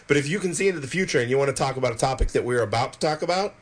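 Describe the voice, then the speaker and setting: A man's voice: mid-range voice, animated, racing. A man co-hosting a podcast, bantering casually with jokes and frequent self-interruptions. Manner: jokey, rambling, self-interrupting. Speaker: podcast co-host.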